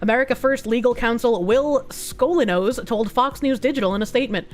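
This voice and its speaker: A woman streamer with a rough throat, reading chat and news aloud with blunt, sarcastic asides and frequent swearing. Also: on the high side, a little fast, soft background music. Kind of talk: casual livestream chat reading donations.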